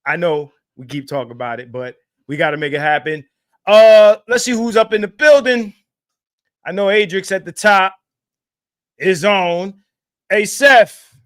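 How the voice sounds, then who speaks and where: A man's voice: high voice, smooth. A brash, profane man with a New York accent hosting a livestream, greeting viewers in chat. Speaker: livestream host. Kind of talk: casual livestream monologue. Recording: loud music behind the voice. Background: loud music.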